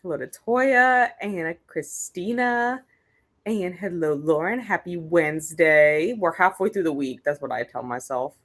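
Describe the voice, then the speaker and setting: A woman's voice: lowish voice, expressive, unhurried. Casual woman host greeting stream viewers. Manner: greets chat viewers by name one after another. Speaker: readathon livestream host. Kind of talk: casual livestream chat.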